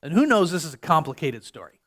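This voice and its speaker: A man's voice: on the high side, sing-song, quick pace, fairly bright tone. A male pastor delivering a sermon in a conversational, jokey way, often restarting his sentences.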